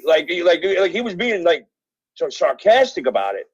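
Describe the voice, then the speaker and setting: A middle-aged man tells stories in a rambling, profane way, full of "uh" and "like," at a slightly raised pitch. He is heard over a phone line, dull and muffled at the top end. The sound is dry, with no room around it. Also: sing-song, moderate pace, breathy edge, no echo. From Brooklyn, New York. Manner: rambling, profane storytelling with many fillers. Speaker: guest, author. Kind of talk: casual interview chat. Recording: dull phone-call audio.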